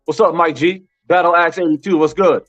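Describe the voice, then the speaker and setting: A boxing commentary channel host with a fairly high, fairly bright voice talks a little fast in a steady tone. Emphatic with his chat, he repeats his arguments and uses "bro" a lot, over dull lo-fi sound with faint music.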